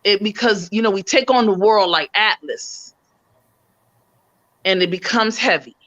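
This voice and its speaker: Animated New York woman hosting a stream. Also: mid-range voice, measured pace, highs cut off. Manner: animated, repeats words for emphasis. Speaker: host. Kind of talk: casual live-stream chat.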